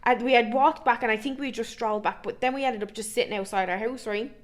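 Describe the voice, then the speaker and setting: A young woman from Ireland with a Dublin accent, co-hosting a podcast and telling a story in a casual, animated way with plenty of swearing. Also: on the high side, fast talker. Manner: animated, swears freely, acts out voices in her story. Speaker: podcast co-host.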